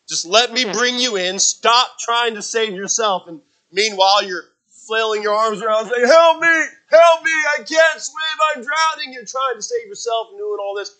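A man preaching a sermon, telling stories with acted quotes and swinging from loud dramatic bursts to low, quiet asides. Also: poor audio. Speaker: pastor.

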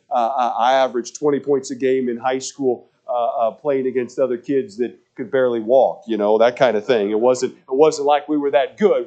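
A man's voice: mid-range voice, mellow. A man preaching a sermon, telling stories with lots of repetition and stumbling restarts. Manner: storytelling with repetition and frequent stammered restarts.

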